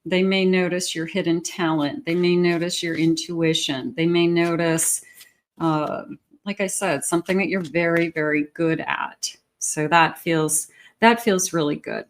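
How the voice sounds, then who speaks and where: A woman's voice: lowish voice, steady tone, a little slow. A woman reading tarot cards for her viewers in a casual, chatty way, often repeating herself and laughing lightly. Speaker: tarot reader.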